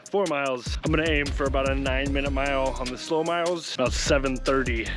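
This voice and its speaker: A man's voice: medium pitch, steady tone, quick pace, over music. A man vlogging outdoors while running, upbeat and motivational, and out of breath. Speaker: fitness vlogger. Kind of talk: casual vlog while running. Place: outdoors on a hilly road.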